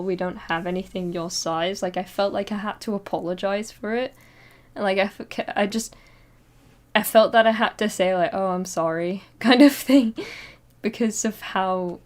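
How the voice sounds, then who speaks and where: A young adult woman streamer telling a long personal story in casual chat, halting and full of fillers and nervous laughs, on a streaming microphone. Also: mid-range voice.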